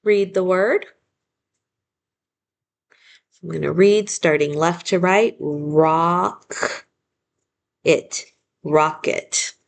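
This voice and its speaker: A woman teacher giving a phonics lesson, slowly sounding out each word syllable by syllable and modeling the spelling aloud. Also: on the low side, vocal fry. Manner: slow and deliberate, sounding out syllables.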